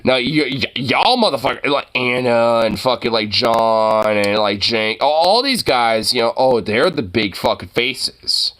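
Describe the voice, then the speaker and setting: A man ranting loudly in casual chat, his pitch leaping all over the place. His tone is bright and edgy. He talks in a profane, excitable way. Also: a little slow, hardly any pauses.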